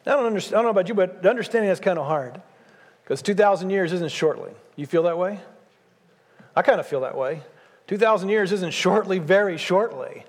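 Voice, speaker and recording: A pastor in his sixties preaches a sermon emphatically, repeating his key phrases in a brisk, high-pitched voice. Long hall reverb surrounds the recording.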